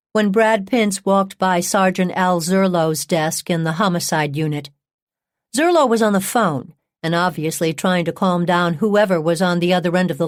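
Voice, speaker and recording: A woman with a fairly low voice narrates a true-crime audiobook at a measured, even pace. The recording is dry and close, with no room sound. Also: dry recording.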